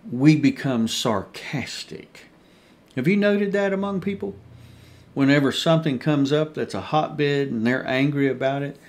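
Gravelly-voiced pastor, earnest and repetitive. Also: male voice, medium pitch, darkish tone. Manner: earnest, repeats key points, addresses listeners as dear friends. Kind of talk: Bible study teaching.

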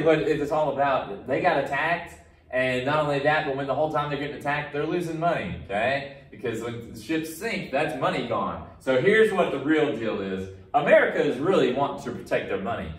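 A man's voice: medium pitch, animated, a little fast, distant mic. Casual male history teacher, roomy sound. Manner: casual, talks to students, acts out countries in silly voices. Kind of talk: recorded classroom lecture.

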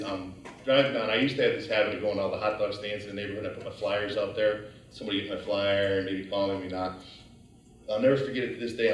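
A man giving a lecture and telling his own story in a lively, conversational way, acting out his past thoughts. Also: fairly low pitch, distant mic. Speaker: guest lecturer. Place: lecture hall. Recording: very echoey hall, heard from afar.

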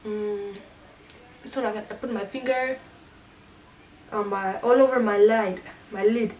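A middle-aged woman talks through a makeup challenge in a halting, rambling, playful way. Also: mid-range voice, fairly even intonation, darkish tone. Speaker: mother doing a makeup challenge. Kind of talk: casual makeup tutorial. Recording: roomy echo, a little distant from the mic, faint background noise.

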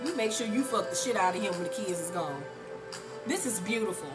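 A woman co-hosting an advice chat show, reading a viewer's letter aloud and reacting with loud, profane excitement. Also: medium pitch, brisk, loud music behind the voice. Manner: animated, profane, exclamatory.

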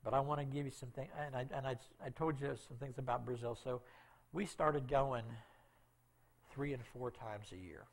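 A middle-aged man shares a heartfelt missionary testimony from the pulpit. His voice has a gravelly edge, and he keeps checking in with the congregation as he tells the story. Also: medium pitch, steady tone, moderate pace. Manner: emotional storytelling with frequent "okay?" asides. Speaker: missionary speaker. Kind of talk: testimony in a church talk.

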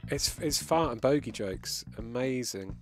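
A man's voice: mid-range voice, lively intonation, a little slow, creaky, faint music behind. Chatty man streaming a game. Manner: chatty, amused, reacting as he plays. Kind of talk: live gameplay commentary.

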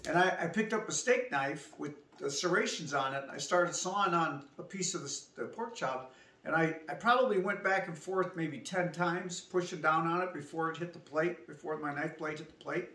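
A woman's voice: low voice, normal speed. Lady vlogging a story, does the back-and-forth herself, kinda far from the mic, roomy echo. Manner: animated anecdote-telling, acting out both sides of the dialogue. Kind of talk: casual travel storytelling. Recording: echoey room, voice from a distance.

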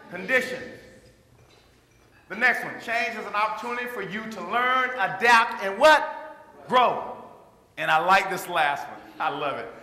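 Bright-voiced man in an echoey hall. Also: sits high. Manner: energetic, call-and-response with the audience, acts out quoted voices. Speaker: motivational speaker. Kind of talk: motivational keynote speech to a live audience. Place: large hall before an audience. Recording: echoey hall with long reverb.

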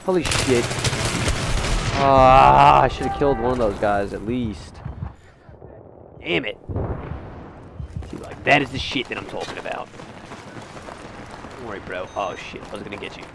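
A teenage man giving profane, excitable commentary on his own gameplay in a put-on accent, with game gunfire behind him. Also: medium pitch, measured pace, vocal fry, pauses often, noisy background. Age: teens. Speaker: gamer.

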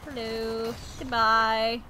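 A woman's voice: fairly high pitch, drawn-out words, noisy background. A woman hosting a gaming channel, giving casual, jokey play-by-play commentary and yelping whenever she is in danger. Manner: excitable, jokey, yelps when in danger.

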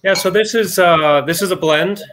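A man who makes wine, explaining a blend in a measured, informative way. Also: high voice, noisy background. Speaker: winemaker describing wine.

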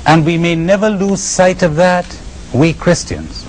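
A man with an Indian accent giving a spiritual lecture, telling stories emphatically with dramatic pauses and chuckles. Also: high-pitched, a little hiss or hum, low-quality recording. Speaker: spiritual retreat speaker.

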